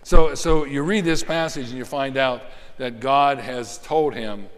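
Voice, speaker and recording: A man delivers a sermon at a middle pitch, loose and conversational, often restarting his phrases. His voice carries a long reverb, as if heard in a large sanctuary. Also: measured pace, a little hiss or hum. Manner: conversational preaching with frequent restarts and fillers. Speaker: pastor.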